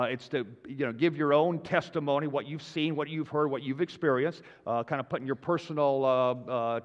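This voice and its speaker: Pastor, male, chatty teaching tone full of fillers, ringing hall reverb. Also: mid-range voice. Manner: conversational, many fillers and restarts, rising for emphasis. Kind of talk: sermon teaching. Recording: dull sound in a long-reverb hall.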